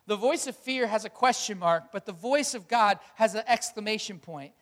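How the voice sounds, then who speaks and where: A man's voice: high voice, expressive, normal speed, a bit bright, big-room sound. A male pastor preaching a sermon, emphatic, with repeated rhetorical questions.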